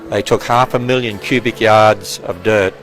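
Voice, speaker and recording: A man's voice: lowish voice, steady tone, normal speed, fairly bright tone, faint music behind, rough recording. A man in his sixties with an Australian accent, giving a casual tour and chatting with visitors, joking and laughing often. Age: 60s. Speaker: ministry president giving a tour. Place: walking through a building and outdoors.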